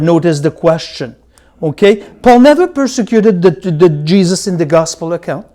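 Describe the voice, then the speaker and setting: Man teaching a Bible study, drawn-out repeated key words, loud-soft swings. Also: high-pitched, animated. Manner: swings between loud emphasis and soft asides.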